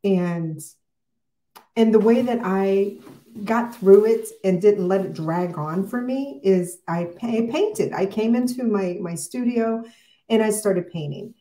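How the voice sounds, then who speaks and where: A woman's voice: medium pitch, slow pace. Emotional woman hosting a devotional, echoey. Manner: emotional, warm-hearted, rambling with fillers. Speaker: host of morning devotion. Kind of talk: casual devotional livestream.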